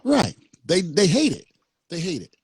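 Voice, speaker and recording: A man hosting a podcast, telling a story in an animated way and laughing often. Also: sits high, a little slow, husky, dry recording. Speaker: podcast host. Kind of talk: casual podcast chat. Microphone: studio microphone.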